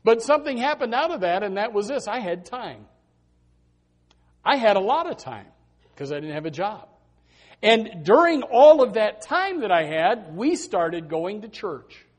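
A man preaching a sermon, telling stories with animated emphasis and a lot of repetition. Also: sits high, a little slow.

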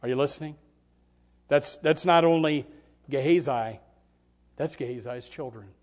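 A male pastor preaching a sermon with dramatic swings from hushed tones to loud outbursts. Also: on the high side, measured pace. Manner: dramatic, swings from hushed to shouting, acts out voices.

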